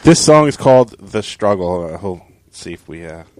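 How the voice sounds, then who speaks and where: A man's voice: lowish voice, sing-song, fairly quick, no echo. A man on a podcast, looking things up and reading them out in a dry, matter-of-fact way. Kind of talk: casual chat.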